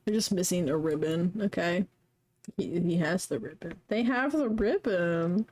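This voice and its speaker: A woman's voice: on the low side, a little slow, darkish tone. A young woman streaming a story game live, chatting casually, giggling, swearing freely and reading the story text aloud.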